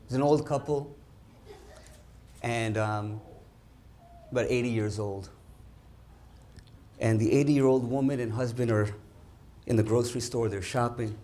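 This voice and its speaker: A man telling stand-up jokes at a community dinner, acting out characters in animated quoted voices. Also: mid-range voice, a little slow, long pauses. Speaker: comedian at a dinner. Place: event hall with a live audience.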